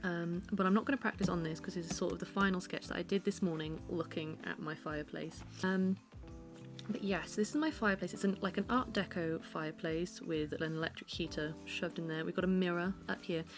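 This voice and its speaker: A young British art vlogger chats casually in her living room while she sketches, rambling and poking fun at herself. Her fairly low voice moves quickly with fairly even intonation. Music plays underneath.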